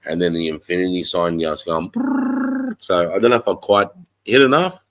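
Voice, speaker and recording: A man hosting a casual livestream chat, stuffed up from a head cold, swearing freely and clearing his throat often. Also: low-pitched, lively intonation, brisk, fairly bright tone, slight background noise, poor audio. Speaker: livestream host.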